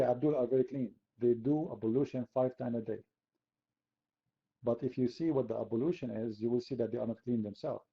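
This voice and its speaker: A man from the Middle East with a medium-pitched, slightly rough voice hosts an online chat room debate, arguing in a sarcastic, mocking way. He's on a computer mic, and the sound is lo-fi.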